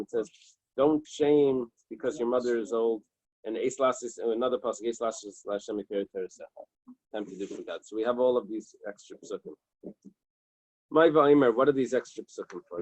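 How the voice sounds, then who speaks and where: A man's voice: mid-range voice, a little mellow, dry recording, low-quality recording. A man teaching an early-morning Talmud class, reading Hebrew and Aramaic text and translating it plainly, checking in with "right?" and "okay". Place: small synagogue study room.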